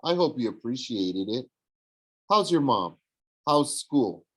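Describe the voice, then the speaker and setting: A man voices a smug young male villain who sneers, mocks, and tempts persuasively. His exaggerated, slightly bright voice is medium-pitched with big pitch swings and a slow pace, and the recording is low quality.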